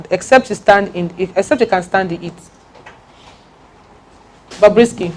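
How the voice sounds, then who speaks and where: A woman's voice: medium pitch, slight background noise. Emphatic woman giving a talk. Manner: emphatic, repeats key points, laughs and jokes with the audience. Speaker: speaker giving a talk on personal branding. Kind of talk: lively workshop talk to an audience.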